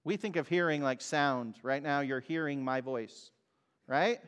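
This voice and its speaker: Slow-preaching man in an echoing hall. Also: fairly high pitch, smooth. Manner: emphatic preaching, swings from loud to soft. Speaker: pastor. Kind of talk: sermon. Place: church hall. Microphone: mic over speakers. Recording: long reverb of a hall.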